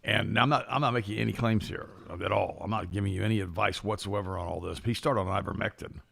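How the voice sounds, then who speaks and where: Older guy cohosting, gravelly voice, rushes through rambly stories, kinda low. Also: fairly bright tone. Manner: rambling, storytelling, repeats words. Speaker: co-host. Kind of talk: casual talk show chat.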